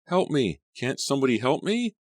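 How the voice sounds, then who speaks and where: A man's voice: rumbling low, moderate pace, no room sound, studio quality. A man voicing a terrified teenage girl who cries out for help in panic, in an audiobook. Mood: screaming.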